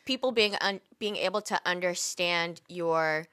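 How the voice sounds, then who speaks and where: A young woman co-hosting a podcast on a close mic, chatting casually, expressive and playful, laughing often. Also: on the low side, a little slow, dry recording. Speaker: podcast co-host. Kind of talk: casual chat.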